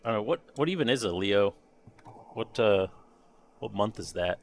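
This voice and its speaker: Lowish-voiced man muttering over a model kit. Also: animated, moderate pace, a little hiss or hum. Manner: muttering to himself, trailing off, chuckling. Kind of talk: casual live-stream chatter while painting a model kit. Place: home workshop.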